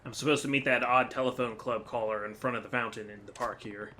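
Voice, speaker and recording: A man voicing a stoic, gruff tough guy who speaks low and dry. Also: steady tone, quick pace, bright, forceful tone, close to an everyday voice. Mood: deadpan.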